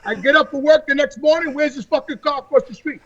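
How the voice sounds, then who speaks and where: A man on a podcast telling a story in casual, profane talk. He sounds exasperated and often shouts and laughs. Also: extremely high pitch, quick pace, dull audio. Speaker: podcast regular. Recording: noisy podcast recording.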